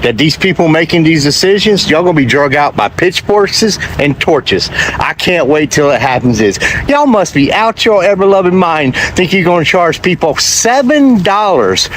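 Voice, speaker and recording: A man's voice: a little high, big pitch swings, moderate pace, fairly bright tone, slight background noise. A man angrily ranting to camera. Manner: fed-up, heated, ranting. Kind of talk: angry rant to camera.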